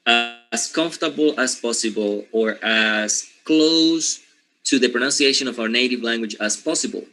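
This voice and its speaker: A man with Spanish as his first language lecturing a class on phonetics. He checks in with the students and repeats words to stress them. His voice is bright and forceful. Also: mid-range voice, low-quality recording. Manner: asks questions, repeats words for emphasis. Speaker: linguistics teacher.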